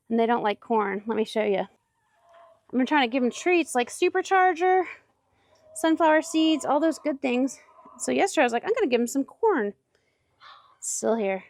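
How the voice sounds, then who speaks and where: A woman's voice: on the high side, normal speed, no room sound, studio quality. A woman chatting casually on a vlog tour of her farm's chicken coop outdoors, talking sweetly to her hens and a bit out of breath. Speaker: farm owner showing her chicken coop. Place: outdoors at a farm.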